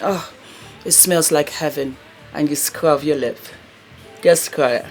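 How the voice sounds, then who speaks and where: A woman's voice: deep voice, takes it slowly, a little mellow, faint music behind. A woman hosting a beauty vlog in a casual, effusive, chatty way, often calling her viewers darling and breaking into laughter. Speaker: beauty vlogger and host.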